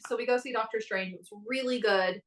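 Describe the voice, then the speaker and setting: A woman's voice: fairly high pitch, fast talker, fairly bright tone, distant mic, low-quality recording. A woman in her thirties in a casual podcast conversation, telling stories animatedly and acting out her own inner voices. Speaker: guest coach.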